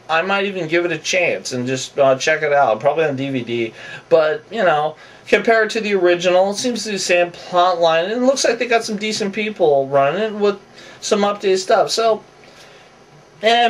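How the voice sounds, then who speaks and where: A man's voice: a little high, recorded from a distance. A man giving off-the-cuff, opinionated commentary that rambles with asides and restarts.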